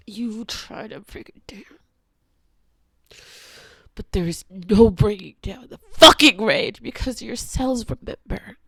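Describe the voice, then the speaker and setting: A woman vlogger in an angry confessional rant, heavy with swearing, swinging between hushed whispers and shouting. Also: mid-range voice, slow, vocal fry, breathy edge, no room sound.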